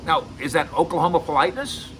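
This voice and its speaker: Middle aged guy doing casual sports commentary, bright crisp voice, punchy and repeats himself for emphasis. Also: fairly high pitch, fast, a little hiss or hum, poor audio. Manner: emphatic, repeats words for stress. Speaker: sports radio and video host.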